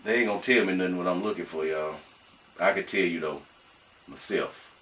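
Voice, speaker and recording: Folksy man vlogging, reading news and riffing on it, bright voice, recorded roomy and off-mic. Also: low-pitched. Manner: folksy, talks straight to viewers as "y'all"; slow, halting when reading aloud. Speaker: small YouTuber. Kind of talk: reading news aloud and commenting casually. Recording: echoey room, mic at a distance.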